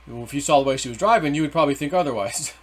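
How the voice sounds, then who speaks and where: A middle-aged man telling a story in a rambling, excitable way, swearing and then softening his words. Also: fairly high pitch, rapid-fire. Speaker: vlogger. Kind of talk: casual storytelling.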